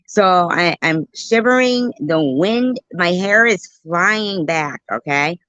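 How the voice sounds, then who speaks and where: A woman livestreamer telling a story and joking with her viewers in an animated, playful way, on a dull, dry lo-fi recording. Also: mid-range voice, no room sound. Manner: animated, jokey, slow and drawn out. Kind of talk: casual storytelling and chat.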